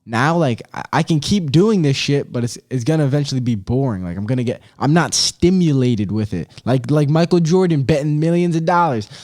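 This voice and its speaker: A man's voice: medium pitch, lively intonation, fairly quick, few pauses, a little mellow. A man in his twenties hosting a casual podcast chat. He rambles in loose slang, swears freely, and keeps throwing in "bro" and "dude". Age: 20s. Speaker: podcast host.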